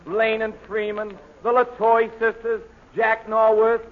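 A man appearing as a guest comedian on a 1930s radio comedy, excited and pushy, on an old muffled broadcast. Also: high-pitched, unhurried.

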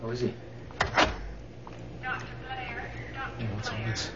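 A man's voice: mid-range voice, huge pitch swings, slow, a bit bright, exaggerated voice. An actor playing a worried father, tense and irritable, swearing under strain. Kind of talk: film drama acting. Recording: dull muffled film audio.

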